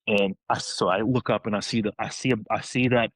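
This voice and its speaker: A man with a fairly low voice tells a story in casual podcast talk, excited and rambling. He keeps restarting his sentences as the details spill out. The sound is dry and close, with little room echo. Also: fairly quick. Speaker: guest hunter telling his story.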